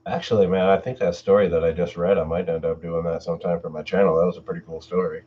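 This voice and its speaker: Hosting his channel's live stream, a man reads horror stories aloud and chats casually with viewers between them. His husky voice sits low with little pitch movement and moves fast, captured on a distant mic with dull, lo-fi quality.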